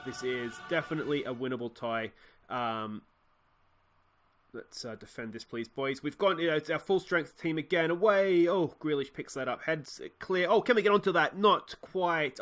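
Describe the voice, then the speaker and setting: A man's voice: mid-range voice, a bit bright. A young man with an Australian accent, commentating his football management game in a rambling, frustrated way with many restarts. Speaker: let's play host.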